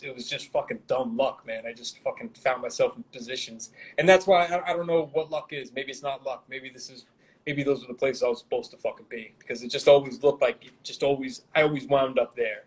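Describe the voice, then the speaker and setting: A man's voice: medium pitch, breathy edge, rough recording. A man from Brooklyn, a guest rapper telling rambling, swear-filled stories in a casual interview. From Brooklyn, New York. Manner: rambling, heavy swearing, laid-back street slang.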